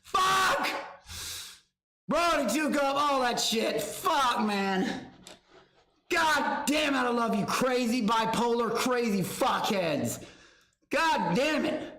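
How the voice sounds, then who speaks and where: A young man hosting a livestream from his garage, loud and profane, shouting out names from chat. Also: extremely high pitch, lively intonation, slow pace. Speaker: livestream host. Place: home garage. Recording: roomy garage echo.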